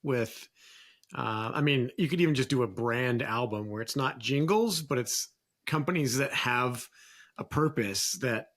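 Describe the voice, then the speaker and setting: A man's voice: medium pitch, a little slow, a bit bright. A man co-hosting a podcast, chatting casually and rambling a little as he thinks aloud. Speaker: podcast co-host. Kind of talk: casual chat.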